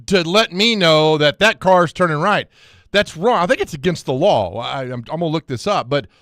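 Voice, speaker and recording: A male radio co-host with a somewhat high voice rambles and jokes, working himself into playful rants. He is recorded close and dry in a studio. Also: a bit bright, dry recording. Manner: rambling, joking, given to rants. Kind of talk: sports radio banter. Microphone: studio microphone.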